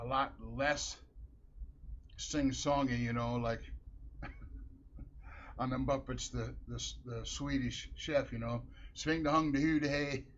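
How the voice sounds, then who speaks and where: Middle-aged minnesota guy rambling slow, chuckles a lot, kinda muffled lo-fi audio. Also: medium pitch. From Minnesota, USA. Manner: rambling, chuckling between wry remarks. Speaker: vlogger. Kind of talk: casual anecdotal monologue. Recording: dull lo-fi audio.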